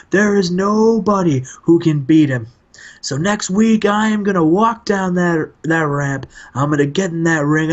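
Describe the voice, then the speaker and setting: A man putting on a loud, boastful veteran wrestler cutting a hollering promo. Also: high voice, highs cut off, pitched above the performer's own voice.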